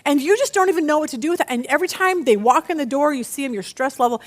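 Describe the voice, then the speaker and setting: A woman teaching a Bible study lesson, talking to her listeners in an animated way and acting out the quotes she reads. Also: sits high, very fast. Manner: animated teaching with dramatic read-aloud voices.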